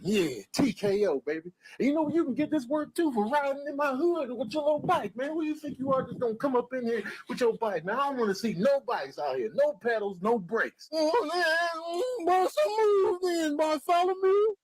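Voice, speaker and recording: A cocky male ram boasts and taunts in loud street banter, as a man voices him in a comedy voiceover. The voice sits high for a man and swings widely up and down. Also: animated, moderate pace, hardly any pauses, poor audio. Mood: taunting. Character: brash trash-talking male ram, street slang.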